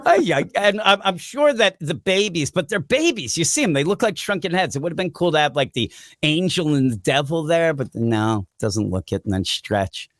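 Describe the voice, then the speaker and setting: A man hosting a comic book podcast in casual chat, animated, swearing and laughing often as he acts out characters. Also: on the high side, moderate pace, dry recording, clean studio sound.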